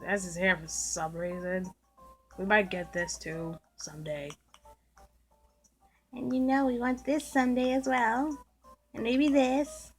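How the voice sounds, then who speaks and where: A gameplay video host casually comments as she plays, teasing and joking about the game's characters. Her voice is fairly high with fairly even intonation, a measured pace and long pauses. Game music plays clearly underneath.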